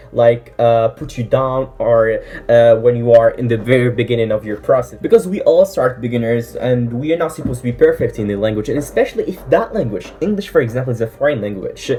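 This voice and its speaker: A woman with a very deep, mellow voice, whose first language is Arabic, gives casual vlog advice. Her pitch moves about with lively ups and downs. She sounds earnest and encouraging, with plenty of fillers and restarts, over faint background music. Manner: earnest, encouraging, many fillers and self-corrections. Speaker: English-learning vlogger.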